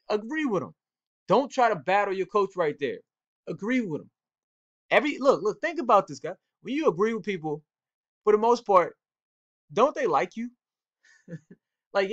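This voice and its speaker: Male football coach, slightly high voice, casual and direct, repeats key points, muffled lo-fi audio. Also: fairly bright tone. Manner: direct, repetitive, coach-like urging. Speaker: football coach and cornerback trainer. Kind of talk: casual instructional talk to young players.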